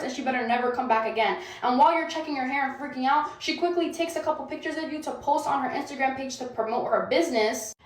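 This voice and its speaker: A woman hosting and narrating a dramatic storytime with quick, lively delivery. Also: sits high, echoey room, recorded from a distance, rough recording. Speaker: host.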